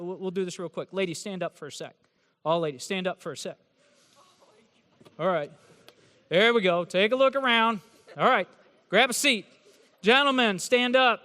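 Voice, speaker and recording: A man's voice: high-pitched, sharp tone. A male professor giving a humorous, sarcastic talk to new college students in a large hall. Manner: sarcastic, teasing, joking delivery. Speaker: university professor.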